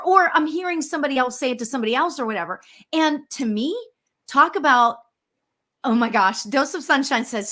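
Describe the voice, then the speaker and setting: A middle-aged woman, a spiritual medium, hosting a casual chat, animated and quick to laugh. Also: high voice. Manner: animated, laughs often, squeals when excited. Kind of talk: casual chat on a live show.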